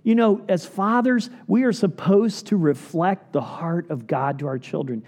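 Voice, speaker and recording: A middle-aged man preaching a sermon as a pastor, earnest and pleading, often dropping to soft low tones for emphasis. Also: a little slow.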